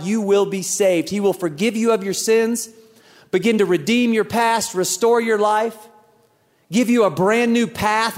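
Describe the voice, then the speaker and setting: A man in his thirties preaching a sermon in a church, talking conversationally with rhetorical questions and acting out bits of dialogue. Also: high-pitched. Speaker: pastor. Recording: church hall with long reverb.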